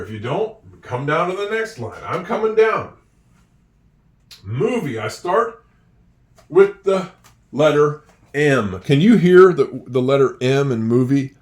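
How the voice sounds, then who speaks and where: A man teaching handwriting and spelling at a board, with slow, encouraging talk and drawn-out words. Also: fairly high pitch. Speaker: English teacher. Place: room with a whiteboard. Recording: echoey room, voice from a distance.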